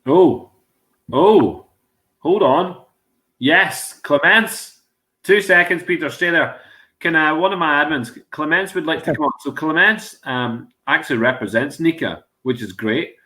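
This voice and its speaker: A man's voice: a little high, normal speed, pushed and bright. A man hosting an online whiskey tasting over a video call, chatty and jokey. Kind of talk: casual chat.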